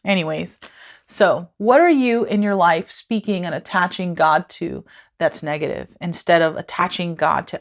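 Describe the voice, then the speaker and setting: A woman's voice: lowish voice, normal speed. A woman teaching a devotional lesson in an earnest, conversational way, repeating phrases for emphasis.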